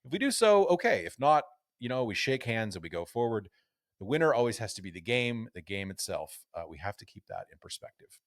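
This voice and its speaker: A man co-hosting a golf podcast in a casual, chatty tone, often reading old newspaper quotes aloud. His voice sits at a middling pitch, and the recording is close and dry with little room sound. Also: big pitch swings, brisk, no echo. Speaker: podcast co-host.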